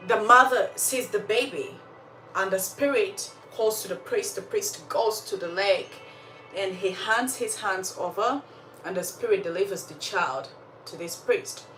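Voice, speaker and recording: A woman telling a story in a casual, animated way, with emphatic asides and religious commentary. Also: mid-range voice, unhurried, faint music behind. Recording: echoey room, slightly far from mic, faint background noise.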